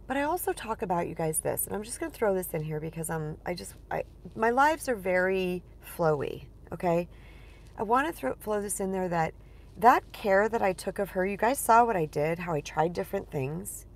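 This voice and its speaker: A woman's voice: mid-range voice, lively intonation, moderate pace. A woman coach talking casually on a livestream, chatty and digressive, telling personal stories with animation. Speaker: relationship coach.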